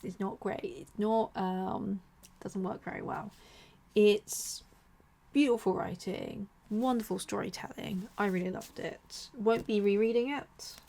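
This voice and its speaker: A woman's voice: mid-range voice, unhurried, vocal fry. Chatty young woman book vlogger. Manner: chatty, animated, drops to whispers for asides. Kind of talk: casual chat.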